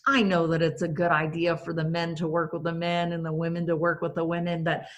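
Speaking a little fast with a lowish voice and flat delivery, a woman gives a humorous recovery-meeting testimony. She pokes fun at herself and keeps turning to address the room.

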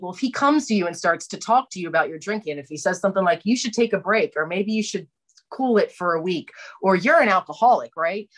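A woman telling her personal recovery story in a candid, halting way, with frequent fillers and restarts. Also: fairly low pitch. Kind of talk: personal testimony talk.

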